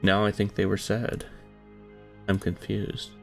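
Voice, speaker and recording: Low rough-voiced guy reading a creepy story, quiet music under it. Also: level tone, a little slow. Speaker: narrator. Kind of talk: first-person story narration. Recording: soft music behind.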